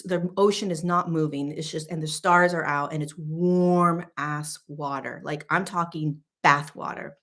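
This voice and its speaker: A woman spiritual teacher and host telling a casual story in an animated, emphatic, chatty way. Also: lowish voice.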